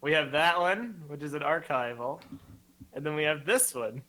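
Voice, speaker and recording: A man's voice: on the high side, expressive, moderate pace, pushed and bright. A man hosting a casual livestream podcast, joking and teasing his co-host.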